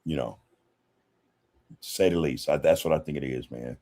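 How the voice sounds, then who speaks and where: A man's voice: a bass voice, normal speed, mellow. A man hosting a casual livestream podcast, talking in a loose, slangy way and greeting viewers directly, with "man" and "you know" in almost every sentence. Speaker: podcast host. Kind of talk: casual livestream chat, reading viewer comments.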